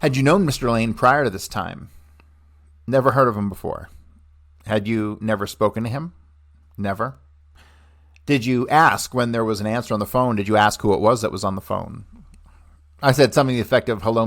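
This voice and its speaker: A man reading a hearing transcript aloud on a podcast, taking both the questions and the answers in one steady voice. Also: fairly low pitch, normal speed, long pauses. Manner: steady reading voice that plays both questioner and witness without changing voice.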